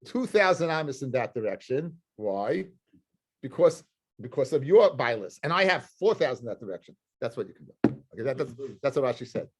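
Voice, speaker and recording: A man's voice: medium pitch, very animated, a little fast, slightly rough. A man, a rabbi, teaching a live Talmud class to students, explaining emphatically, repeating himself and quizzing the room.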